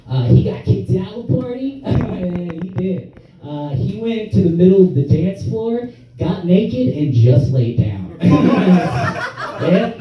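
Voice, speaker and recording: A man's voice: sits high, dull audio. A young man doing a rambling, crude stand-up comedy set, laughing at his own jokes. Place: comedy club with audience. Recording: echoey distant room with crowd.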